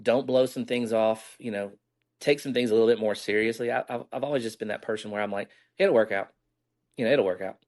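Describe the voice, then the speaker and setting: A man's voice: medium pitch, a little fast, darkish tone. A middle-aged man, candidly telling stories as a guest in a casual interview and acting out the dialogue he quotes.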